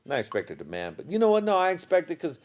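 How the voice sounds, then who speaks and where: A man's voice: a little high, huge pitch swings, quick pace, darkish tone. A man hosting a casual podcast, telling stories in a rambling, profane way with bursts of laughter, a little tipsy from drinking. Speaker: podcast host.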